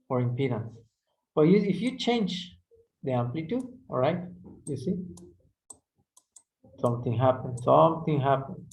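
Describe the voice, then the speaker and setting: First-language guy lecturing, kinda high voice, keeps saying all right?, echoey room. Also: darkish tone. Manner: conversational, repeats "all right?" to check understanding. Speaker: instructor. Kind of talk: technical lecture.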